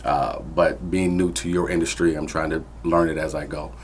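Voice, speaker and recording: A man as a screenwriter guest on a podcast, speaking firmly and deliberately with halting restarts. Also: very deep voice, little pitch movement, slight background noise. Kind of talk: podcast conversation.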